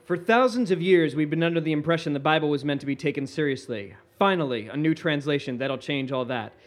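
A man co-hosting a comedy podcast, announcing and bantering in an animated, joking way and laughing easily. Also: a little high, quick pace.

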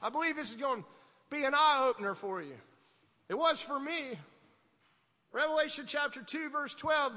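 High bright-voiced fervent preacher man. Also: moderate pace, long pauses, in a large hall. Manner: fervent, swings from low asides to loud exhortation. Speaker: pastor. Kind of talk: sermon.

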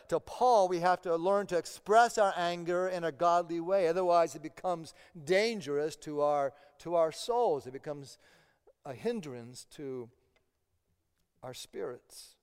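A man's voice: high-pitched, clean tone. Earnest man preaching in a reverberant hall. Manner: earnest, repeats words when stressing a point. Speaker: pastor. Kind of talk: sermon.

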